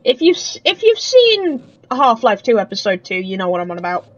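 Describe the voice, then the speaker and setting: Girl chatting thru a game, high voice, bit muffled mic w faint hiss. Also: big pitch swings, fairly quick. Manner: chatty, exclaiming and joking at the game. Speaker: let's play gamer. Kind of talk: casual gaming commentary. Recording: dull lo-fi mic with faint noise.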